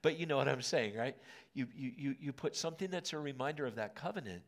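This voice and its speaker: A man in his late fifties preaching a sermon in a conversational way, with asides to the congregation and a soft, gentle tone on key words. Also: mid-range voice, expressive, fast talker. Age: 50s. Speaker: pastor. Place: auditorium.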